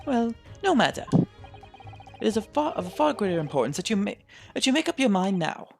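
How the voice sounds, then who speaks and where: A man's voice: high voice, very animated, brisk, vocal fry, faint music behind, pitched above the performer's own voice, heavily acted. A man voicing a pompous, confident detective in a game, lecturing in formal, old-fashioned phrasing.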